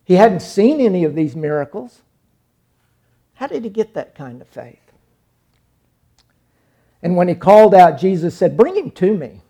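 A man preaching a sermon in a mellow, dark-toned voice that sits a little high. He is middle-aged and dramatic, dropping to near whispers and then rising to loud cries as he retells scenes. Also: sing-song, a little slow, long pauses. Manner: dramatic, acts out quoted figures with sudden loud cries and hushed lines.

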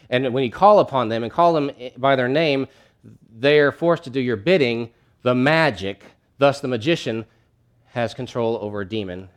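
A man preaching a sermon in a conversational, emphatic way, often restarting his phrases. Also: mid-range voice.

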